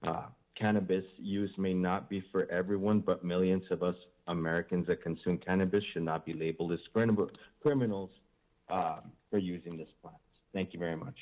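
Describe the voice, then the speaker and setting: A man reads a prepared statement in a measured, steady way. His voice is very deep, and it comes through a dull, muffled line. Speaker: public commenter. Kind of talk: prepared public comment.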